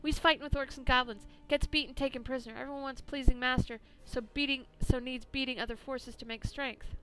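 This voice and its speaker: A woman's voice: high voice, steady tone, a little fast, sharp tone. A woman reading as a pleading captive bugbear. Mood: explaining. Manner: broken caveman grammar. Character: captive male bugbear, pleading, broken speech. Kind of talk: reading game dialogue aloud.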